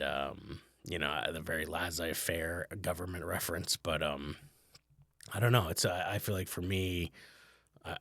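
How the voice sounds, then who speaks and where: A man talks into a close mic on his own podcast. His voice sits very low, and the sound is dry. He rambles in an easygoing way, full of "you know" and "like". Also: bright, forceful tone, no room sound. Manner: rambling, conversational, many fillers. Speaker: podcast host, comedian. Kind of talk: casual solo podcast talk.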